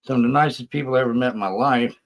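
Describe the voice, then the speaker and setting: A man's voice: medium pitch, rapid-fire. A man hosting a casual live stream, rambling and profane as he defends himself, out of breath. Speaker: livestream host.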